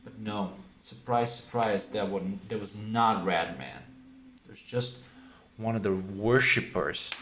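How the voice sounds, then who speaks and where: Slow, low-voiced man rambling a story. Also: a bit bright, echoey room. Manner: rambling, digressive. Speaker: streamer. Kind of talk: casual storytelling while drawing. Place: room with reverb.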